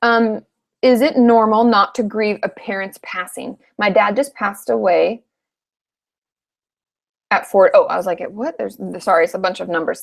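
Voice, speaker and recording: A woman's voice: mid-range voice, gravelly. A woman in her thirties, a therapist from Washington state, answering viewer questions in a frank, chatty live Q&A, swearing casually now and then.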